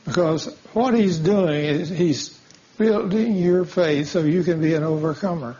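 A man's voice: fairly high pitch, measured pace, dark tone. A man preaching a sermon, telling a folksy story and acting out the dialogue. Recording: dull lo-fi sound.

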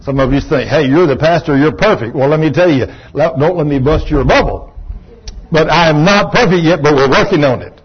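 A man's voice: a little high, brisk, breathy edge. A pastor in his sixties preaching a sermon, telling folksy, joking stories about his marriage. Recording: dull lo-fi recording.

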